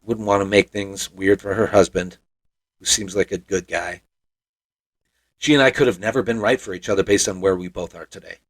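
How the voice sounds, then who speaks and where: A man's voice: deep voice, steady tone, normal speed. Man, 40s, from Montana, podcast host, scripted personal storytelling, reflective, wry. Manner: reflective, wry, self-deprecating.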